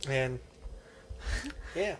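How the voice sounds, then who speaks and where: A man's voice: extremely slow, a little hiss or hum. A man on a casual podcast, rambling earnestly through a personal story. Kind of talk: casual chat.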